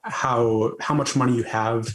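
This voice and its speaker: Brisk man reading prepared testimony. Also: mid-range voice, fairly even intonation, rough recording. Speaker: advocacy group representative.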